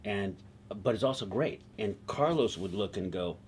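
A middle-aged man, a TV writer being interviewed, telling stories in a lively, conversational way and laughing easily. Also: lowish voice, moderate pace, slight background noise. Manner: animated, laughs easily, slips into quoted voices. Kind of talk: conversational storytelling.

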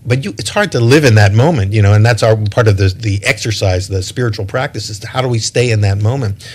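A middle-aged man speaking reflectively as an interview guest, pausing and restarting his phrases as he thinks. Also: lowish voice, slightly rough. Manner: thoughtful, many restarts and repeated words.

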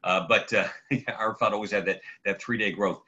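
A man's voice: fairly low pitch, fairly even intonation, pushed and bright. A man, a rabbi, giving a conversational lecture over a video call and taking questions from the audience by name. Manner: halting, digressive, takes questions by name. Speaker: rabbi leading a class. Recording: muffled lo-fi online audio.

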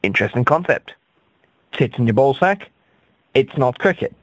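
A man delivering a rambling, absurd comic monologue, stammering and jumping up into high squeaks for effect. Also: expressive, normal speed, no room sound.

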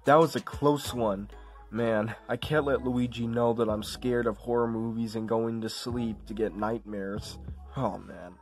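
Man voicing a jumpy scared hero, slow stammering talk, nervous, faint background music. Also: medium pitch, fairly even intonation, a little mellow, close to an everyday voice. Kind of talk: homemade comedy sketch voice acting.

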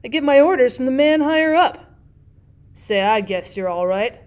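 Woman doing a beat cop, blunt, offhand, plain-spoken, slightly high voice. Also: lively intonation, moderate pace, clear, resonant tone. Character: laid-back male beat cop, blunt.

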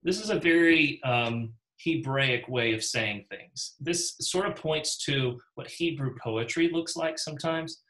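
A man's voice: a little high, a little slow, few pauses, fairly bright tone, low-quality recording. A man teaching a Bible class in a conversational way, calling on class members and acting out quotes in character voices.

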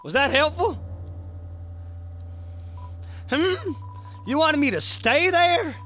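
A man's voice: extremely high pitch, expressive, slow pace, sharp tone, pitched above the performer's own voice, heavily acted. A man voicing a playful, folksy talking rock who drawls and teases. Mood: teasing. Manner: drawling, teasing, cowboy-ish.

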